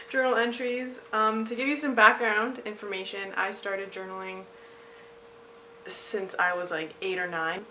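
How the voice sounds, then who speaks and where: A woman's voice: mid-range voice, sharp tone, slight background noise, poor audio. A young woman, chatting casually to camera in a vlog and poking fun at herself. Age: young adult. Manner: chatty and self-mocking, laughing at herself. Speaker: vlogger.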